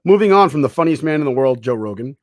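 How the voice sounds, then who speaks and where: A man's voice: medium pitch, expressive, quick pace, no echo. Insistent podcast co-host man, dry sound. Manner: insistent, argues with long examples. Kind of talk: casual argumentative chat.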